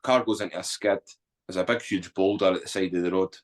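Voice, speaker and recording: Low-voiced man, blunt storyteller. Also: brisk. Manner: blunt, swears freely, animated retelling. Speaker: podcast guest. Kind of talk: candid storytelling.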